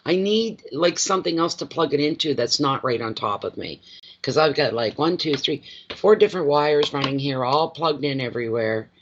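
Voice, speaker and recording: A man, a card reader chatting casually on a livestream from home, expressive and quick to laugh, greeting viewers by name. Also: a little high, muffled recording, a little hiss or hum. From Atlantic Canada.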